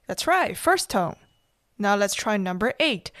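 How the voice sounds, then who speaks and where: Slow, patient woman teaching Mandarin tones. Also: mid-range voice, very animated, a bit bright, no room sound, studio quality. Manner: patient, drawn-out tone demonstrations with long pauses. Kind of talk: slow, deliberate language lesson.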